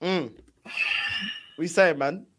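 A woman's voice: lowish voice, extremely slow, a little hiss or hum. A woman with a London accent hosting a fan channel, teasing and chatting casually in heavy slang, constantly asking whether the listener gets it. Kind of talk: casual reaction commentary.

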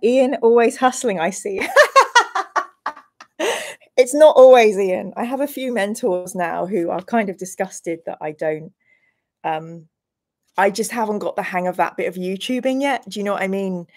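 A woman hosting a live-stream playthrough of a gamebook. She reads the room descriptions aloud and chats with viewers in a bubbly, self-deprecating way, with bursts of excited squeals. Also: mid-range voice, moderate pace.

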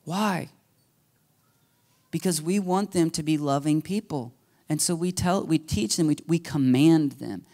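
A male pastor preaching a sermon to his church, animated and jokey, often acting out quoted voices. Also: fairly high pitch, measured pace. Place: church sanctuary.

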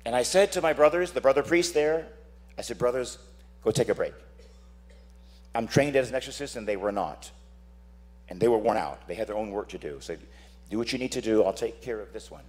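A man's voice: mid-range voice, brisk, long pauses, a little mellow. A man who is a priest, preaching a dramatic sermon, telling stories and acting out voices while asking "Amen?".

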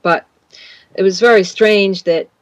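A woman's voice: medium pitch, fairly even intonation, unhurried, no echo, poor audio. A woman guest on a radio interview, telling a long personal story in a rambling way, often saying "you know" and "like". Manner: rambling, repeats words, says "you know" and "like".

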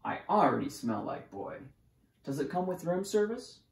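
A cheeky little boy guest with a nervous streak, as a storybook reader puts him on. The voice is lively in pitch, slightly gravelly, and echoes in the room. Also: moderate pace. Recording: roomy echo.

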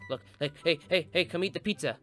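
Young guy joking over his gameplay, sarcastic goofy bits, bright punchy voice, little music underneath. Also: a little high, quick pace. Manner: goofy, sarcastic, mock-villainous asides. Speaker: gaming video host. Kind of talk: comedic gameplay commentary.

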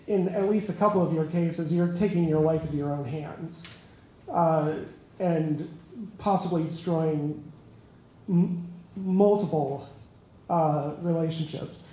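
A man's voice: high voice, dark tone. A man in the audience with a nasal voice asking a question, hesitant and self-deprecating. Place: lecture hall. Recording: very echoey hall.

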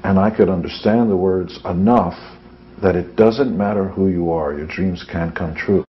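A man's voice: sits low, moderate pace, lo-fi sound, slight background noise. A man telling blunt, boastful and joking stories about his life and his work. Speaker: interviewee. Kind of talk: motivational anecdotes.

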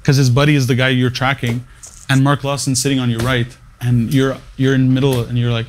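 A man with a mid-pitched voice speaks in an interview about his path as a radio morning show producer. He talks in short, punchy phrases and often restarts his sentences. He leans hard on key words as he gives blunt career advice. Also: level tone, brisk, a little hiss or hum.

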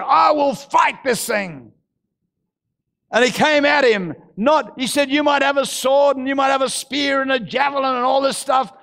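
A male pastor preaching a fervent sermon, shouting and then dropping to low, intense exhortation. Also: vocal fry.

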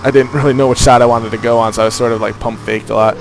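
Chatty gaming guy narrating his playthrough, bit gravelly, excitable. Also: mid-range voice, racing, faint music behind. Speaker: let's play host. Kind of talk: casual gameplay commentary.

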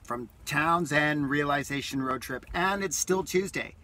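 A man's voice: on the high side, measured pace, pushed and bright, slight background noise. A man vlogging from his parked vehicle, telling a rambling, enthusiastic story in a casual way that repeats itself.

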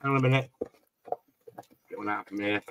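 A man's voice: lowish voice, a little fast, background noise. A man telling a story in casual live-stream chat, swearing freely. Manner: swearing storyteller, animated anecdotes.

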